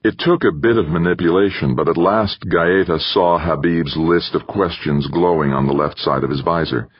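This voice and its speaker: A man narrating an audiobook in a steady, measured reading. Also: low-pitched, breathy edge, no echo, lo-fi sound. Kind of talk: scripted narration.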